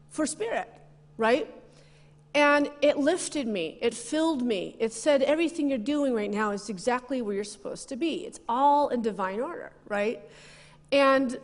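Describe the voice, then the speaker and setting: A woman minister giving a sermon, telling personal stories with frequent laughter and conversational asides. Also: a little high. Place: church sanctuary. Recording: long reverb of a church hall.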